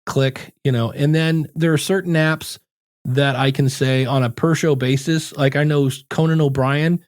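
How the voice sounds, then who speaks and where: A man's voice: a little high, fairly even intonation, moderate pace, no room sound, studio quality. A man talking casually as a podcast guest who gives advice on shows and ads, acting out little quoted scenes as he talks. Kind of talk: casual interview chat.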